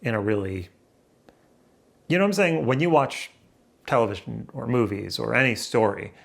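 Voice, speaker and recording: Male vlogger, mid-range voice with gravel, rambling and self-mocking at a camera. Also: mid-range voice, lively intonation, moderate pace. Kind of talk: rambling solo daily vlog. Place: room indoors near a window. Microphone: camera in front of him, seated.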